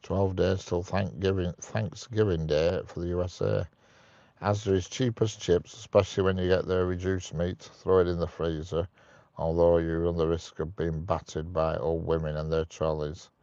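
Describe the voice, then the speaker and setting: A very deep-voiced man hosts a live stream, bantering with his viewers and reading out their comments. His voice is gravelly. It is recorded close and dry, with a slightly muffled tone. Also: level tone, moderate pace, mellow, no echo. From United Kingdom. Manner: chatty, jokey, laughs at his own jokes.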